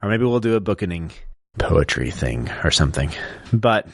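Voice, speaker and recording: A man with a low, steady voice talks through a subject like a teacher at a podcast table. He explains patiently and in order, in relaxed chat. The sound is dry and close, with no room echo. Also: moderate pace, husky. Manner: lecturing, explains step by step.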